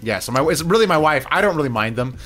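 A man co-hosting a podcast in casual chat, animated and jumping up in pitch when riled. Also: fast talker, soft background music. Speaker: podcast co-host.

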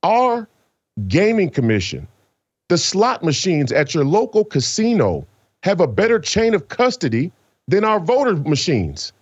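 A man's voice: high voice, huge pitch swings, breathy edge, no room sound, muffled recording. A man giving impassioned political commentary as a guest, emphatic and fired up. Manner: fired up, emphatic, dramatic pauses.

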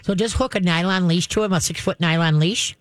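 A woman's voice: on the low side, a little fast, no room sound. A woman, hosting a call-in radio show and giving callers firm, chatty dog training advice. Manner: direct, instructive, chatty with laughs.

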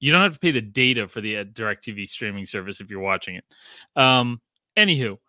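Male podcast host from Australia, bright, dry close mic, rambling. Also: on the low side, expressive, brisk, no echo. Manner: rambling, self-interrupting, laughs often. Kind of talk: casual podcast chat.

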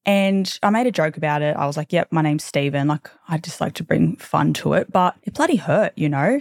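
This podcast host is a woman in her thirties whose voice sounds low, darkish, and not at all girly. She talks in a candid, chatty way, swearing casually and drifting into tangents, captured as a dry, studio-quality recording.

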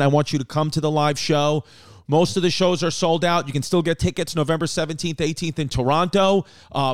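A man's voice: fairly high pitch, smooth, dry recording, studio quality. Loose-talking comedian man from New York. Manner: rambling, swears freely, acts out quotes. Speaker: podcast host and comedian. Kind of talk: casual comedic chat.

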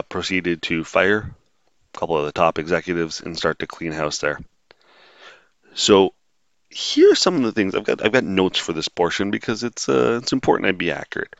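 A man's voice: low voice, animated, normal speed, fairly bright tone, dry recording, highs cut off. A man hosting a solo podcast, talking in a blunt, sarcastic, rambling way with lots of fillers. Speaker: podcast host.

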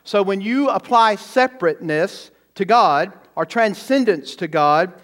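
A man's voice: high-pitched, animated, measured pace, a bit bright. A man preaching a sermon, emphatic, asking the congregation rhetorical questions and stressing words by repeating them. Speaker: pastor.

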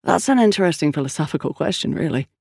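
Wry young tech geek, voiced by a narrator, flippant, gravelly, dry sound. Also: male voice, fairly high pitch, animated, fast, darkish tone, no echo, heavily acted.

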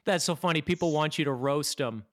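A man's voice: a little high, fairly quick. A man co-hosting a podcast, chatting casually and enthusiastically, laughing often. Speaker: podcast co-host.

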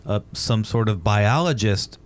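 Joking, profane man with a lively voice. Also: lowish voice, measured pace. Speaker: podcast co-host. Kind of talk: casual chat.

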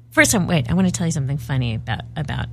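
A woman's voice: low voice, breathy edge. Wry woman in casual podcast chat. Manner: wry, chatty, quick asides. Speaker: podcast co-host.

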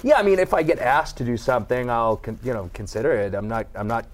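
A middle-aged man talks casually as a podcast guest. His pitch sits in the middle range, and he often stops and restarts his sentences. He laughs easily as he talks. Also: fast talker, a little hiss or hum. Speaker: guest actor.

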